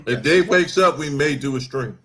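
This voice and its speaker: A man's voice: on the high side, normal speed, bright, forceful tone, slight background noise. A man co-hosting a casual live stream, joking with crude banter.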